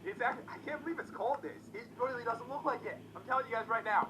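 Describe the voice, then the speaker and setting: Young guy vlogging, high bright voice, talks super fast, bit of hiss behind. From Connecticut, US. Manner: chatty, self-deprecating, addresses viewers as guys. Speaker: YouTuber. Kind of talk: casual vlog chat.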